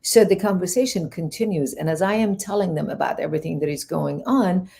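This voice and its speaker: A low, gravelly woman from Iran tells her story as an interview guest. Her voice is dark and mellow. She rambles, restarts and acts out the people she quotes. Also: a little fast. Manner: rambling, animated retelling with many restarts. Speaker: guest, fitness and wellness coach.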